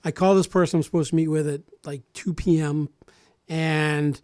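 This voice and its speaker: A man in his forties telling a personal story in casual radio talk, animated and acting out other people's lines, often restarting and repeating words. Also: on the high side, moderate pace, no echo, studio quality. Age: 40s.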